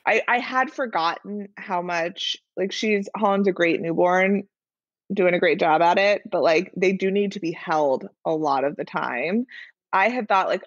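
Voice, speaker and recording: A woman in her thirties talks frankly and casually about her newborn and older kids. Her voice is somewhat low for a woman, and she laughs easily as she chats. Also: unhurried, dry recording, muffled recording. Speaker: new mother sharing voice memos. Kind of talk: casual chat and phone voice memos.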